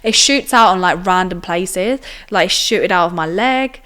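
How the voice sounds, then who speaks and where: A young woman tells her own story to an interviewer. Her voice sits on the low side, and she talks in a loose, chatty way, full of fillers and tag questions. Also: moderate pace, fairly bright tone. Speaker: guest telling her story. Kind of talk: casual personal storytelling.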